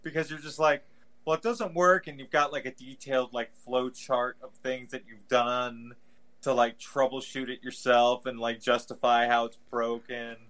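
A podcast co-host chats casually in a medium-pitched, level, fairly bright voice at a moderate pace. He rambles, leans heavily on "like," and plays up exaggerated mock quotes.

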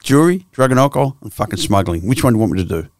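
A man's voice: mid-range voice, lively intonation, racing, darkish tone, dry recording, clean studio sound. A man in his sixties with an Australian accent, a guest telling his life story bluntly and profanely, full of restarts. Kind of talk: candid storytelling interview.

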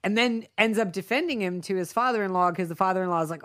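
A woman in casual conversation, retelling movie scenes with quick quoted asides. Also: mid-range voice, a bit bright. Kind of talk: casual film discussion.

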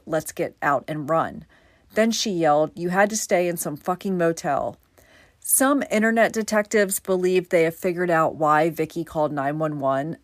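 A woman's voice: fairly low pitch, dry recording, studio quality. A woman hosting a true crime podcast, telling the story in a conversational way with casual asides. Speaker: podcast host.

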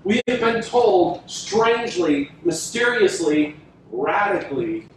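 A man with a high voice preaches a sermon, stretching out words and pausing for emphasis, sometimes acting out quoted lines. He sounds set back from the mic in a very echoey church hall. There is a faint hiss behind him. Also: big pitch swings. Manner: emphatic, dramatic pauses, acts out quoted lines. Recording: echoey room from a distance with faint noise.

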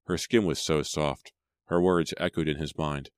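Very deep-voiced male audiobook narrator. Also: steady tone, normal speed, clean tone, no room sound. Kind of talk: scripted narration.

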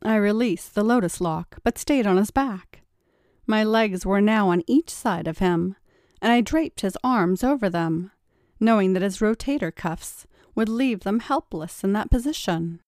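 A woman's voice: mid-range voice, unhurried, a little mellow, no echo, studio quality. A woman reading a first-person story aloud, in a teasing, taunting voice. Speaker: story narrator.

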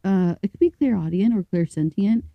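A woman co-hosting a podcast, chatting casually, reading stories aloud and thinking out loud with fillers and restarts. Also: mid-range voice, lively intonation, fairly quick, dry recording, dull audio. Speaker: podcast co-host.

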